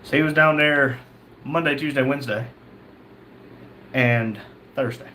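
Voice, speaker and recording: A man's voice: mid-range voice, a little slow, pushed and bright, a little hiss or hum. Easygoing man reading live chat. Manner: reads chat names aloud, chatty and easygoing. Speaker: livestream host reading chat. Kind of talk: casual live-stream chat.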